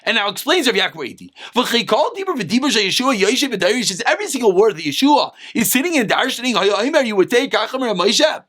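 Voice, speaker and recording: A man with a very high voice teaching a daily Talmud class. He reads short Aramaic phrases, then explains them in casual, conversational English. His voice jumps up sharply whenever he stresses a point. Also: very animated, fast talker, hardly any pauses, pushed and bright. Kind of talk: Talmud lesson, reading and translating.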